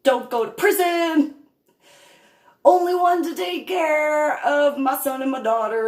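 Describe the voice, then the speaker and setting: A woman speaking in an unscripted monologue about her own experiences as a parent, slow and emphatic with deliberate pauses. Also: high voice, a little mellow, reverberant. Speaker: parent telling her story.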